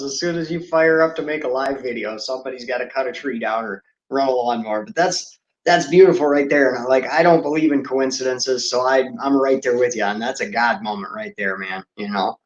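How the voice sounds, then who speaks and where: A man's voice: medium pitch, brisk, hardly any pauses. A man hosting a casual live video chat, supportive and affirming, often saying "brother" and "definitely.". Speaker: host. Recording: roomy, dull lo-fi sound.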